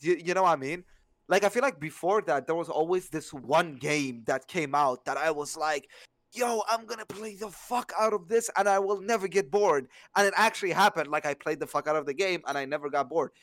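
A young man co-hosting a casual podcast, with a voice sitting a bit high. He rambles and restarts, padding his sentences with filler, and the sound is dry and close with no room around it. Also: fairly quick, a bit bright, no room sound. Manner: rambling, hesitant, lots of "like". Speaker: podcast co-host. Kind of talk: casual chat.

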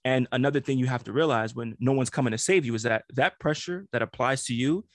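A man with a mid-range voice talks through ideas on a casual podcast, relaxed and reflective, with some swearing. The recording is dry and close. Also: medium pitch, quick pace, no echo. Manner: casual, profane, reflective, affirming. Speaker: podcast co-host.

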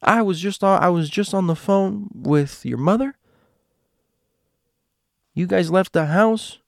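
A shrill, scolding mother in a spoken story, all outrage and strained high shouting, put on by a man. Her voice cracks with a gravelly rasp, close and dry. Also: slow, no room sound, heavily acted. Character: angry middle-aged mother, shrill and scolding.

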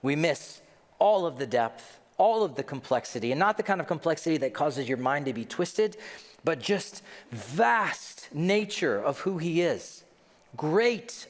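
A middle-aged man preaching a sermon as a pastor, telling stories with self-deprecating humor. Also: medium pitch. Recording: long hall reverb.

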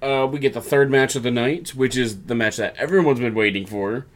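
A man's voice: mid-range voice, brisk. A man casually recapping a wrestling show, breaking into mocking voices to quote the wrestlers. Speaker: podcast co-host.

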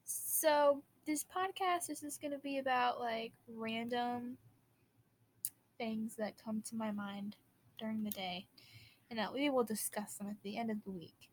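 Teen girl podcast host, fifteen, Wisconsin accent, higher voice, giggly rambler, faint hum in the background. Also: a little slow, low-quality recording. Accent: Upper Midwest American. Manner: bubbly, giggly, rambling with restarts. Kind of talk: casual teen podcast chat.

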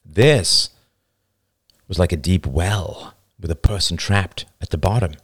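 A man's voice: deep voice, unhurried, slightly rough. A man narrating a novel as its author, reading expressively and dramatically.

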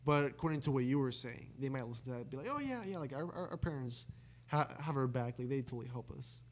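On a home podcast, a young adult host swaps jokes with his brother, teasing him with dry sarcasm. His middle-pitched voice moves fast with fairly even intonation, and he rambles around his points with many false starts and restarts.

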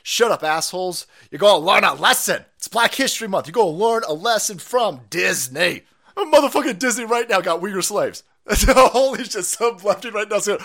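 Loud swearing guy on a stream, high voice that jumps all over. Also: normal speed, creaky. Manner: foul-mouthed, animated, mocking. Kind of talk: profane political rant on a livestream.

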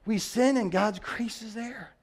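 A man's voice: high-pitched, a little slow, husky. A male pastor preaching a sermon in a conversational way, repeating phrases for emphasis.

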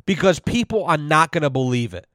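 Animated and slightly fast, his fairly high, somewhat bright voice comes through a dry, studio-quality recording. This podcast host offers a mock-serious, profanity-laced rant on his show, peppered with repeated "you know"s.

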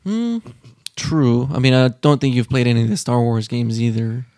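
A man co-hosting a podcast in casual chat, joking and chatty with drawn-out asides. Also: mid-range voice, expressive, dark tone, dry recording, clean studio sound. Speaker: podcast co-host.

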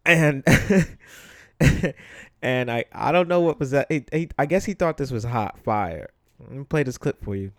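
A man's voice: mid-range voice, animated, measured pace, no echo, studio quality. A man from the Bronx, New York, hosting a solo podcast in a conversational, blunt way, full of ums and you-knows. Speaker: podcast host. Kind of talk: casual solo podcast commentary.

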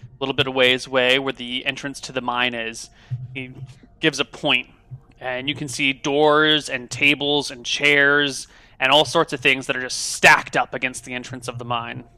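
A man runs a tabletop game, describing each scene in halting, detailed narration. His voice is strikingly bright and sharp, and the recording is close and dry. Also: mid-range voice, level tone, clear, resonant tone, dry recording. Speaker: game master.

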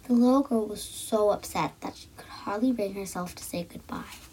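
A woman reading a children's picture book aloud, acting out the characters with lively voices and soft whispered moments. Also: mid-range voice, moderate pace, a little hiss or hum, poor audio. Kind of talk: storybook read-aloud for children.

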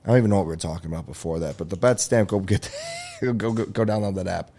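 A man's voice: deep voice, fast, warm tone. A young man hosting his own podcast, rambling in casual solo chat, easily distracted and swearing freely. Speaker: podcast host.

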